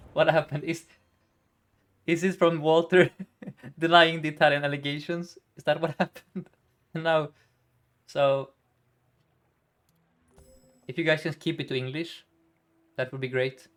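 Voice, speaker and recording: A man's voice: fairly high pitch, steady tone, measured pace, pauses often, fairly bright tone. A man streaming a game live, thinking aloud about each move in a chatty way and laughing often.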